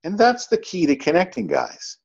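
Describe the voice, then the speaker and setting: A man's voice: high-pitched, moderate pace, creaky, muffled recording. A man giving a motivational sales training talk, telling stories and acting out both sides of each conversation. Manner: animated storyteller, acts out dialogue. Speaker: network marketing trainer.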